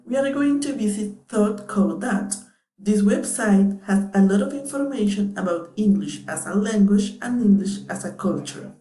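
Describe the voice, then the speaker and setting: A woman's voice: medium pitch, dark tone. A young woman whose first language is Spanish, reading a scripted lesson as a student teacher in a careful, read-aloud way. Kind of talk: scripted narration. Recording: echoey room.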